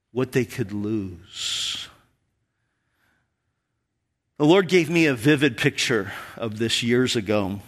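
A pastor in his fifties preaches with earnest conviction. His voice sits at an ordinary middle pitch for a man. He pushes hard on key phrases, then drops almost to a whisper. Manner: earnest, swings between loud emphasis and near-whispers. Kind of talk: sermon.

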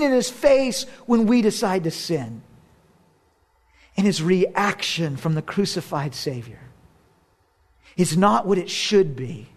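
A man in his thirties preaching a sermon as a pastor. He tells stories with self-deprecating humor and sudden drops to a hush. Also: high voice, very animated, slow pace.

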